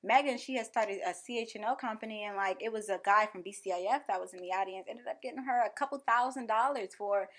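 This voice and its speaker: A woman's voice: medium pitch, quick pace, hardly any pauses. A young woman, a guest telling candid, playful stories in casual chat. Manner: lively, candid, playful storytelling.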